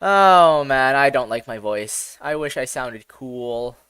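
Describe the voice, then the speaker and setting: A man's voice: mid-range voice, expressive, takes it slowly, bright, forceful tone, clear, resonant tone, dry recording. A young man with a boyish voice chatting casually on a live stream, swearing a lot and running himself down in a rambling way. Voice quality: boyish, youthful-sounding. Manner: profane, self-deprecating, rambling.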